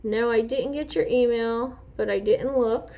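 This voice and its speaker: Answering viewer comments on a laid-back livestream, this New Jersey-accented woman, who drives trucks and teaches it, talks in a slightly high, fairly even voice. She takes her time and wanders through her points with lots of filler words, all captured in dull lo-fi stream audio.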